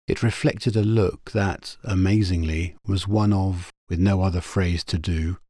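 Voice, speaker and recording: A man narrating a pulp science-fiction story in a steady, measured audiobook reading. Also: deep voice, no room sound, studio quality.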